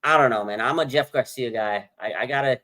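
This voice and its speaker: A middle-aged man co-hosting a sports talk show, chatting in a relaxed, agreeable way. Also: mid-range voice, a little fast.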